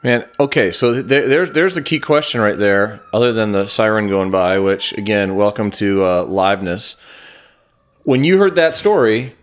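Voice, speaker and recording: A man's voice: lowish voice, animated, moderate pace. A man co-hosting a podcast, upbeat and playful, then reflective as he coaches listeners on leadership. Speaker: podcast co-host. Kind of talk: casual podcast chat.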